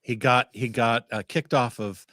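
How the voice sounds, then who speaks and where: A man co-hosting a livestream, speaking in a measured, hesitant way and reading out legal points. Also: medium pitch, fairly even intonation, fairly bright tone, no echo, studio quality. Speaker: livestream co-host. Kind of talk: live-stream talk.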